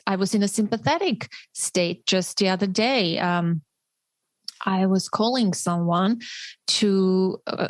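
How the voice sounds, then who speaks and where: A woman hosting a podcast interview, telling a personal story in an animated way, with frequent restarts. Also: mid-range voice, dry recording. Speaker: podcast host.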